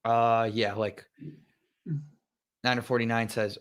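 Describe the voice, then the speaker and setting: A man's voice: medium pitch, level tone, slow pace, smooth. Mild co-host: man, mid-range voice, polite, avoids swearing, casual podcast chat. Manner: mild-mannered, avoids swearing, hesitant restarts.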